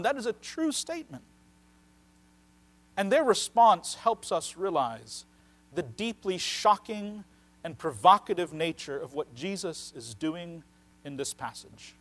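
A man preaching a sermon as pastor, earnest, slowing down to stress key phrases and swinging from loud to soft. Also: high-pitched, big pitch swings. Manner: earnest preaching with slowed emphatic phrases and wide swings in loudness.

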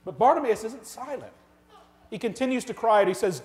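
A very animated pastor with a high voice delivers a sermon in the church sanctuary, earnestly posing rhetorical question after rhetorical question. His delivery shifts from loud, emphatic bursts to slow, hushed lines.

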